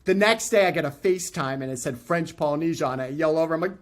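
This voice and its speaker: Animated male storyteller, filler-heavy. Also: on the high side, quick pace. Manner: animated, acts out quoted voices; loose, with fillers and restarts. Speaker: podcast guest, author. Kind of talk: casual storytelling.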